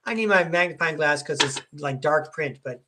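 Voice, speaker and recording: A man's voice: fairly high pitch, moderate pace, noisy background. A middle-aged man giving a chatty, upbeat live tarot reading and speaking to viewers by name. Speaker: tarot reader hosting a live stream.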